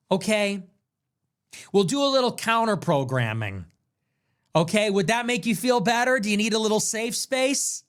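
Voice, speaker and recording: A young man hosting his own livestream, ranting and joking sarcastically about the news. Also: sits high. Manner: mocking, joking, rants. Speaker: political streamer host.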